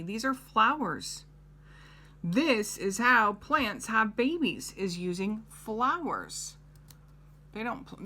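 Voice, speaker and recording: A middle-aged woman teaching a children's lesson, gently coaxing and asking the child questions. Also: medium pitch, slight background noise.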